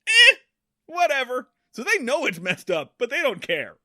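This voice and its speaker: A man talks in a higher register with a bright, forceful edge, his pitch leaping around as he chats. He is animated and casual, swearing and laughing through his points as a podcast co-host. The sound is close and dry. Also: normal speed, slightly rough, no echo. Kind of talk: casual chat.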